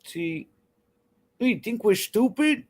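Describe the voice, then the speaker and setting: A woman's voice: a little high, lively intonation, slow, a little mellow. A woman hosting a livestream, ranting bluntly and heatedly with constant swearing. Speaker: livestream host. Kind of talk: angry livestream rant to chat.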